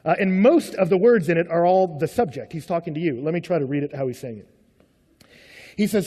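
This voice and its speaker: A man preaching a sermon in a conversational, animated way, full of rhetorical questions and asides to the congregation. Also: a little high, brisk. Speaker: pastor. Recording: long hall reverb.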